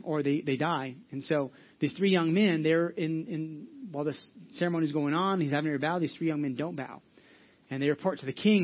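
A man's voice: fairly high pitch, highs cut off. A man preaching a sermon in an earnest, conversational way, asking the congregation questions and answering them. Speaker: pastor.

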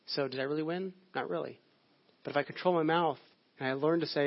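A man's voice: fairly high pitch, steady tone, fast talker, vocal fry. A male pastor giving a sermon in a conversational, storytelling way. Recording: dull lo-fi audio.

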